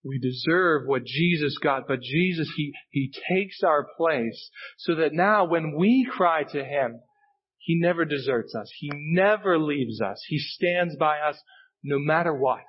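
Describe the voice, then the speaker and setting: A man's voice: a little high, expressive, a little slow, husky, muffled recording. A male pastor preaching a sermon, earnest and emphatic, repeating key phrases for weight. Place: church sanctuary.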